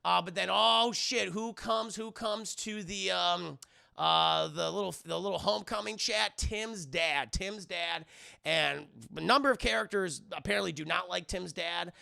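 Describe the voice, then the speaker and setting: Brief: excitable, foul-mouthed male streamer reviewing a film, high, sharp voice. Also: measured pace, gravelly, clean tone. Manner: excitable, profane, retells scenes animatedly. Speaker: movie reviewer and live streamer. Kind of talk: casual live-stream movie review.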